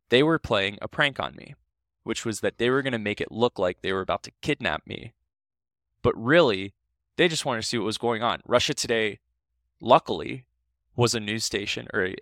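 A young man from Ohio, a podcast guest, telling a story in casual, animated talk full of restarts. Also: fairly low pitch, gravelly, no echo, clean studio sound.

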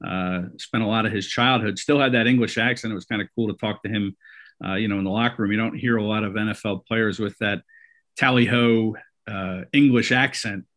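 A man's voice: fairly low pitch, fairly even intonation, brisk, a bit bright. A man hosting a casual sports talk show, conversational, with many fillers and restarts. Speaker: sports podcast host.

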